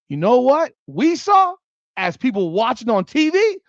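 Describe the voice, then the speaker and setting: This is a sports commentary host in full rant mode, swearing freely and getting worked up. The voice swings widely in pitch. The audio is dull, lo-fi and dry. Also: measured pace, no echo. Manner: profane, heated and animated. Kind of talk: ranting livestream commentary.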